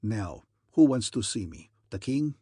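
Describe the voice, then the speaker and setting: A man doing a gruff swaggering con man in thick accent. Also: lowish voice, big pitch swings, a little slow, warm tone, no room sound, clean studio sound, full character voice. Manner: growling, thick put-on accent.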